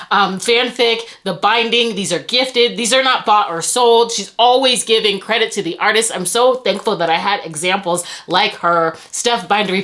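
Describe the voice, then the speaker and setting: A woman's voice: on the high side, pushed and bright. A young adult woman vlogging as she unboxes book mail, gushing with breathless exclamations and stumbling over her words. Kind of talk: excited unboxing chat.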